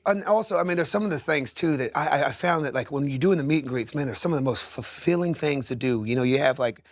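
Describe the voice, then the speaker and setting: An earnest man in his thirties talks openly as a podcast guest. He rambles, circles back and restarts his thoughts at a mid pitch, and the dry close mic carries no room sound. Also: fast, no room sound. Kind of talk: candid conversational interview. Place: podcast studio.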